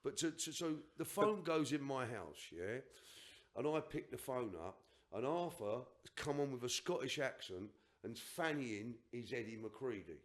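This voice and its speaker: A man's voice: medium pitch, expressive, moderate pace. An older man on a podcast, telling a personal story in an emphatic, rambling way with restarts and asides. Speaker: podcast guest.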